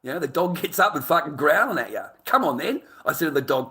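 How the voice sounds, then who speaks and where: An Australian man ranting to camera, profane and heated, with loud outbursts. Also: on the high side, sing-song, moderate pace. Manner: heated, swearing, loud bursts with laughs. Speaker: vlogger.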